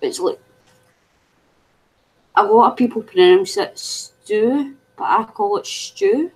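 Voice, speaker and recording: Chatty Scottish woman, husky voice. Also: mid-range voice, fairly even intonation, measured pace, poor audio. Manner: chatty, laughs often, teasing about words. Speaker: craft livestream co-host. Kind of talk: casual chat.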